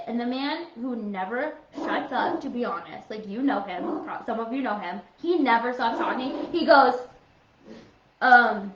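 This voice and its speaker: A woman in her thirties chats on a home podcast in an animated way and pokes fun at herself. Her voice sits a little high, and the room around her is roomy and dull. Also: moderate pace, noisy background. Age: 30s. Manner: animated, self-mocking. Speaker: podcast co-host. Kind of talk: casual chat. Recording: echoey room, dull lo-fi sound.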